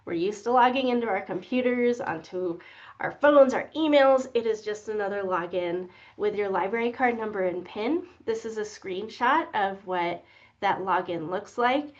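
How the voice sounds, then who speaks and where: A woman's voice: medium pitch, normal speed. Brief: woman librarian co-hosting a webinar, light and joking, reassuring tone, muffled lo-fi call audio. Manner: playful and reassuring. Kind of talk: presenting a webinar.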